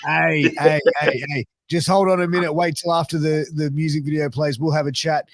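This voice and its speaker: A man's voice: fairly high pitch, flat delivery, brisk, dry recording. A man hosting a podcast, upbeat and reading out his sign-off plugs. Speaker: podcast host. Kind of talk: casual podcast chat.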